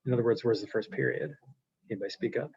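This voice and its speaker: A man's voice: medium pitch, fast, gravelly, darkish tone, husky, dry recording. A male teacher giving a live online class lecture, explaining loosely with fillers and frequent check-ins. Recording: dull lo-fi sound.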